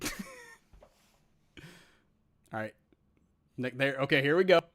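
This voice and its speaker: A man with a medium-pitched, animated, fairly bright voice streams a football video game simulation, calling the plays while chatting casually with viewers. He's talkative, pokes fun at himself, and laughs readily.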